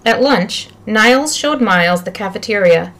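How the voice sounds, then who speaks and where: A woman narrating a children's novel aloud with lively, expressive storytelling. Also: mid-range voice, normal speed. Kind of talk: audiobook reading of a children's novel.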